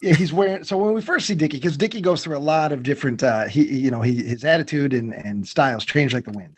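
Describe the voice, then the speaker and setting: A man's voice: a little high, fast, breathy edge, dry recording. A man co-hosting a podcast, recapping a film scene by scene in loose chat, with lots of fillers and swearing. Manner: swearing, rambling with many fillers.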